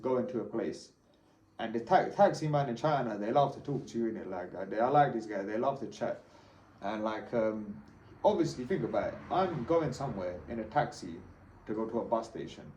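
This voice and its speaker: A man's voice: on the low side, lively intonation, brisk, darkish tone. A man with a London accent talking casually to camera as a travel vlogger, rambling, boastful and swearing freely, a little tired. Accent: London English. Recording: roomy echo, faint background hum.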